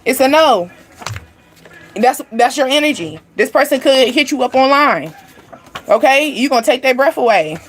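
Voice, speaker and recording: A woman giving a casual, animated tarot reading, laughing often and speaking straight to her viewers. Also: high-pitched, moderate pace, a little hiss or hum. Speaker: tarot reader. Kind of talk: livestream card reading.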